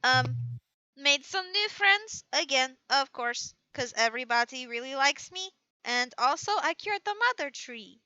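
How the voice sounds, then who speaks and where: A woman's voice: high-pitched, expressive, a little slow, sharp tone, no room sound, highs cut off, heavily acted. A woman voicing a cheerful young girl talking to her mother, giggly and eager.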